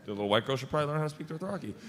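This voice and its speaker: An American man telling stories on a convention panel, animated and laughing, acting out quotes. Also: fairly high pitch, racing, a little hiss or hum. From United States. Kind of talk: casual storytelling. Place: large convention hall. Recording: echoey convention hall.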